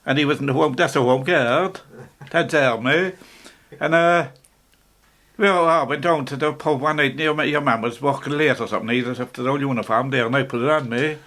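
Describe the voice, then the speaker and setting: An older man with an Irish accent, reminiscing in a relaxed, rambling way, often stopping to restart and chuckling as he talks. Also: mid-range voice, a little fast. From Ireland. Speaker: interviewee. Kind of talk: casual reminiscing.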